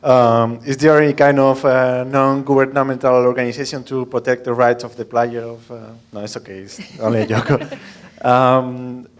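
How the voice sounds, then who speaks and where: A man's voice: medium pitch, flat delivery, normal speed, hardly any pauses. A man in the audience asking a question hesitantly, with many uhs.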